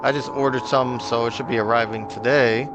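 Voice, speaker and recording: A man's voice: medium pitch, steady tone, brisk, noisy background. A man streaming a video game, chatting casually with his viewers in loose slang. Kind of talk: casual live-stream commentary.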